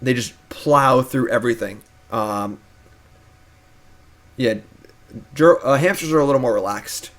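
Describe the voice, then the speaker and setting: A young man chatting on his live stream in a relaxed, playful way. His pitch sits right in the middle for a man. He talks to his pet and the viewers at an easy, unscripted pace. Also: a little slow, pauses often. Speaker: streamer and host. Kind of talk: casual live-stream chat.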